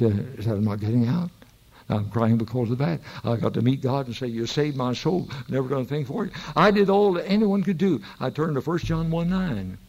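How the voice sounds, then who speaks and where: A man's voice: medium pitch, vocal fry, warm tone, muffled recording. An older man preaching a sermon in a church, telling folksy stories that rise into emphatic preaching. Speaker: pastor.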